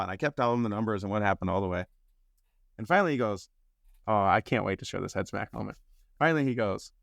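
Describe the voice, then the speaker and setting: A man telling a personal story as a podcast guest, acting out the voices of other people and jumping up in pitch when excited. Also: quick pace, gravelly, dry recording, clean studio sound. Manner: acts out quotes, rises sharply in pitch when excited. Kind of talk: animated storytelling.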